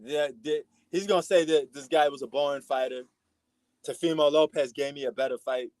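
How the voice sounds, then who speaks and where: A man's voice: a little high, steady tone, fairly quick, a little mellow, no room sound. Laid-back New York man calling a fight. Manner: slangy, laid-back, rambling. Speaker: boxing live-stream host. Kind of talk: casual live fight commentary.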